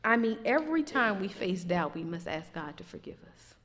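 A woman preaching a sermon, swinging between loud, emphatic questions and quiet, low reflection. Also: very animated, normal speed. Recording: long hall reverb.

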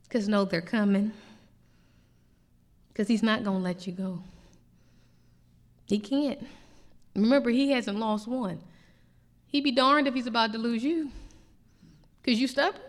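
A woman teaching a sermon in an animated, conversational way, acting out little asides as she preaches. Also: fairly high pitch, unhurried, pauses often, in a large hall. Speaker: pastor, Bible teacher. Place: church sanctuary.

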